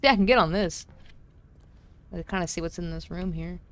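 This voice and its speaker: Streamer woman, chatty play-by-play, slightly low voice, home setup. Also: fairly quick, a bit bright. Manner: chatty, joking to herself and chat. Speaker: game streamer. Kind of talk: casual game commentary. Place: home room.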